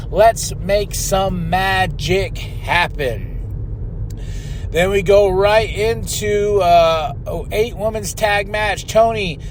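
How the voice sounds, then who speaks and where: A man hosting a podcast, giving a casual, excitable recap of a wrestling show and now and then shouting out the wrestlers' lines and chants. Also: high voice, slight background noise. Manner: excitable, chatty, slips into loud impressions of the wrestlers. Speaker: podcast host.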